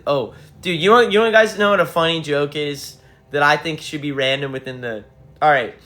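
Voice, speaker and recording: A young man, a band frontman, chatting casually with fans on a livestream, excitable and swearing, jumping from topic to topic. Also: on the high side, moderate pace. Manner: excitable, swearing, hype-driven, jumps between topics. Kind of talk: casual livestream chat with viewers.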